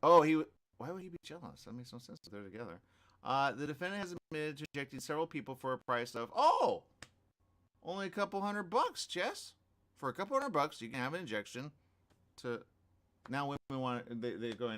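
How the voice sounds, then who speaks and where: A man's voice: medium pitch, brisk. A man hosting a radio morning show, reading news stories aloud with joking commentary and frequent laughter. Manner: animated, laughing, repeats phrases.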